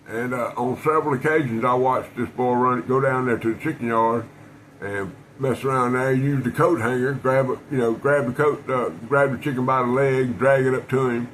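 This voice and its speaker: A man, his voice sitting at an ordinary middle pitch for a man, talks casually to camera with faint room ambience underneath. He tells things in a folksy, rambling way, looping back on himself with restarts and fillers. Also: fairly even intonation, moderate pace, fairly bright tone, slight background noise, poor audio. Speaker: knife collector vlogger.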